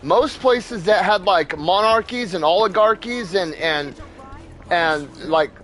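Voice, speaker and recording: Ranting in a heated, blunt and profane manner over gameplay, this gaming channel host is a young man and a father. He talks slowly in a high, somewhat bright voice.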